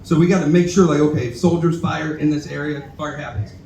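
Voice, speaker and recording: A man's voice: on the high side, steady tone, fairly quick, darkish tone, distant mic, a little hiss or hum. A young man doing a rambling, self-deprecating, profane stand-up set and talking back to the crowd. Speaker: stand-up comedian at open mic. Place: bar stage, roomy and echoey. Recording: echoey bar room recorded from afar.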